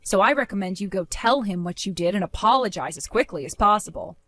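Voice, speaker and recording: An actress voicing a calm young woman defending her savings, speaking in a firm, measured, articulate way in a voiced story drama. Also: mid-range voice, no room sound, soft background music, close to an everyday voice.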